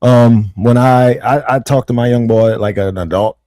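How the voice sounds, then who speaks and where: A man's voice: medium pitch, normal speed, warm tone, dry recording. A man hosting a podcast, chatting casually in easygoing, slangy banter. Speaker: podcast host. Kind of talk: casual chat.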